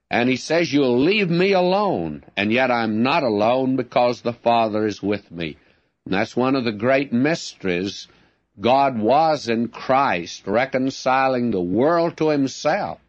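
A man's voice: mid-range voice, no room sound, dull audio. A man teaching verse by verse from the Bible in an earnest, plainspoken way, often calling his listeners friends.

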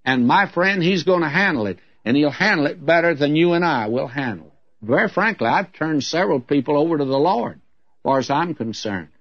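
A man's voice: fairly high pitch, expressive, fairly quick, no room sound, muffled recording. A man preaching an expository sermon as a radio Bible teacher, earnest and folksy, with candid humorous asides.

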